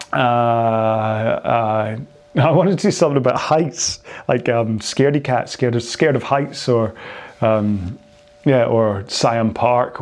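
A man's voice: mid-range voice, darkish tone. A man with a Scottish accent, talking casually as a rowing coach at the end of a workout, rambling and chatty and laughing easily.

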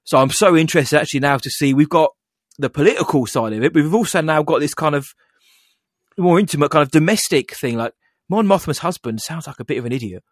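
A man's voice: on the high side, expressive, fast, no echo, studio quality. Chatty man recapping a show. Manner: chatty, recaps scenes with mocking voices. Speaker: podcast co-host. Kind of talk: casual fan chat.

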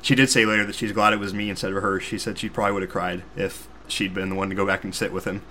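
A young man from Missouri hosting a podcast, telling a story in a casual, animated, self-deprecating way with sarcastic asides. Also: sits low, fast, slight background noise. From Missouri, USA. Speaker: podcast host.

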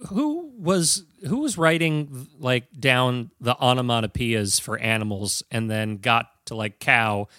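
A man's voice: mid-range voice, animated, unhurried, few pauses, bright, forceful tone, dry recording, clean studio sound. A young man co-hosting a podcast, riffing sardonically in casual comic chat. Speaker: podcast co-host.

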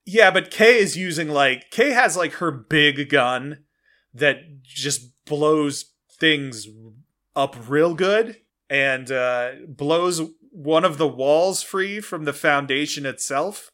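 Man, podcast co-host, bright forceful voice, slightly raised pitch, lots of "like"s. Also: slow. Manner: loose, filler-heavy talk with many "like"s. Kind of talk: casual recap chat.

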